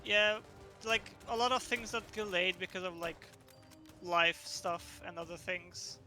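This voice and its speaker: A man, a game developer, chatting casually on a livestream and explaining things in a relaxed way with fillers. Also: sits high, measured pace, soft background music.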